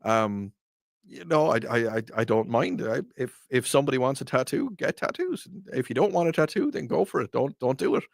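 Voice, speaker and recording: A man's voice: mid-range voice, big pitch swings, a little fast, vocal fry, no room sound, studio quality. A man, in his thirties, hosting a show and chatting casually in a rambling storytelling way. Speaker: radio show host. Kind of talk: casual chat.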